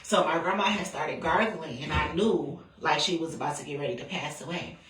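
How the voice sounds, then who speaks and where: A woman's voice: sits low, a little fast, fairly bright tone. A woman, telling a personal story in a candid, profane, rambling way. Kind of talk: casual storytelling. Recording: roomy, distant from the mic.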